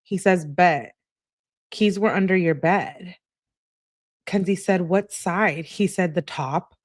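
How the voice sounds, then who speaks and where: A woman's voice: lowish voice, slow pace, no echo, studio quality. A woman hosting a true-crime channel, reading text messages aloud and adding chatty asides between the lines.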